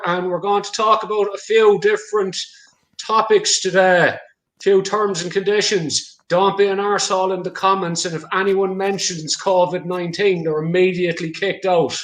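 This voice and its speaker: Irish guy from clare hosting a live stream, fairly high voice, chatty, swears a bit, reads out comments. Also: level tone, moderate pace, fairly bright tone. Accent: Irish, County Clare. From Ireland. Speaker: livestream host. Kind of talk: casual livestream chat.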